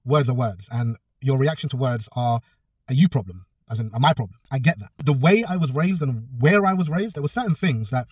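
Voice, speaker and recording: A man's voice: medium pitch, expressive, a little fast, a little mellow, breathy edge, no echo, distant mic. A man, a personal trainer telling a story in a casual vlog, blunt and swearing freely. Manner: blunt, swears a lot, acts out both sides of a quarrel.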